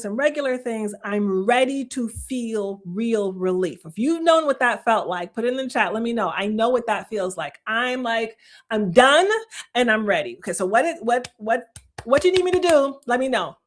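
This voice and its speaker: Animated woman telling a story live. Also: fairly high pitch, normal speed. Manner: animated, laughs often, quotes herself, repeats phrases for emphasis. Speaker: host of a live stream. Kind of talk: casual storytelling to a live audience.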